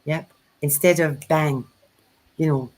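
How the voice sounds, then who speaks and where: A woman's voice: sits low, moderate pace, poor audio. A woman co-hosting a spiritual chat, telling stories in a casual way and acting out the dialogue she quotes. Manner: animated storyteller who acts out quoted dialogue.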